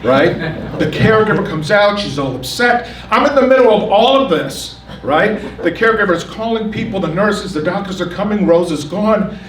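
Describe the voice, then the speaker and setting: Animated man telling a comic story. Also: high-pitched, moderate pace, a little hiss or hum. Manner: animated, comic, acts out the quotes. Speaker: storyteller at a community story event. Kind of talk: live personal storytelling. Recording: echoey room, picked up from a distance.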